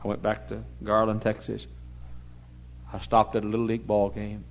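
A man preaching a storytelling sermon in a church, talking animatedly and getting suddenly loud when he acts out shouted commands. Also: lowish voice, completely flat delivery, normal speed, lo-fi sound, slight background noise. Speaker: pastor.

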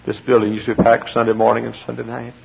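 A man voicing an old male church custodian, tearful and fervent, who shouts shrill amens. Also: completely flat delivery, quick pace, creaky, husky. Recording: dull lo-fi sermon tape with faint hiss.

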